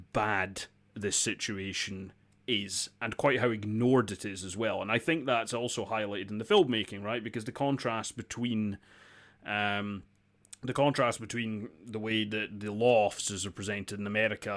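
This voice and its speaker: Scottish male film critic, low voice, halting and wry, casual review. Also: a bit bright. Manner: hesitant, many restarts and ums, wry.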